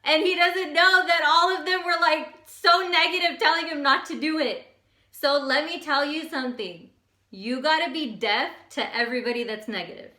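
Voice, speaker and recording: A high, bright woman's voice delivers a motivational talk with energy and emphasis, often repeating herself to drive a point home. She speaks in a casual, direct way. An echoey room surrounds her voice. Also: normal speed. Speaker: motivational host.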